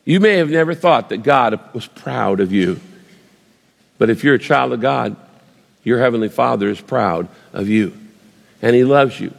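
A man preaching a sermon, telling a vivid story with pauses and restarts. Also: mid-range voice, lively intonation, gravelly, big-room sound. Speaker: pastor.

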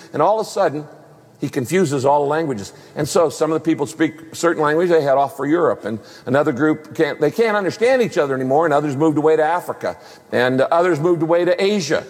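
A man preaching a sermon in a slightly husky, fairly high voice. He talks in an animated way and acts out the people he quotes. A long reverb from the large hall trails after his words. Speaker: pastor.

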